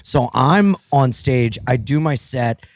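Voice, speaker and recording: A man who is a comedian, telling stories in a lively way in casual podcast chat, slipping into silly voices. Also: medium pitch, slow, no echo. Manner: animated storyteller, does a silly nervous voice. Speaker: comedian guest.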